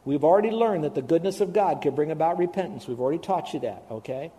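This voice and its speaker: A man preaching a sermon as pastor, animated, shifting between loud emphasis and hushed, tender asides. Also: a little high, fast.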